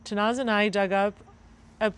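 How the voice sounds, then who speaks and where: A woman's voice: mid-range voice, fairly even intonation, normal speed, smooth, no echo. A woman with an American accent addresses a room of guests as co-host. Her delivery is loose and conversational, peppered with fillers. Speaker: event co-host. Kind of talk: casual spoken presentation to a gathering.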